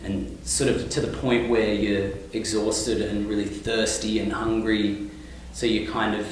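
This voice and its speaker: Australian male guest, lower voice, loose and rambling, recorded far off in a very echoey space. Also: a little slow, a little hiss or hum. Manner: relaxed, rambling, many fillers and restarts. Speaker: touring singer-songwriter, guest. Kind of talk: casual interview. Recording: echoey room, mic at a distance.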